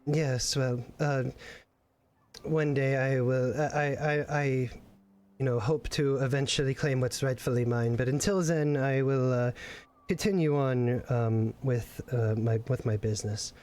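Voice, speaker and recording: A man voicing a fussy, overly apologetic gentleman who stammers and hesitates as he talks. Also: mid-range voice, fairly even intonation, unhurried, lightly acted.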